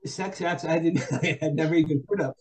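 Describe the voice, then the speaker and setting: A man's voice: a little high, brisk, poor audio. An older man from New Jersey, a guest author telling a comic personal story and acting out other people's lines. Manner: animated, acts out other people's quotes.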